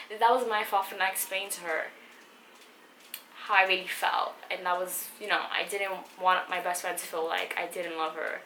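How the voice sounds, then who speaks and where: Young woman vlogger, rambling and emotional, fillers and restarts, bright tone, roomy echo. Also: mid-range voice. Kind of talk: personal story vlog. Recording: echoey room with faint background noise.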